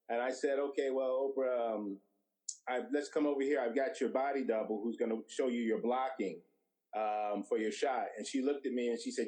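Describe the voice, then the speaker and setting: In this rough recording, a middle-aged man who directs speaks as an interview guest, animatedly acting out dialogue within his anecdotes. He has a medium pitch and moves at a moderate pace.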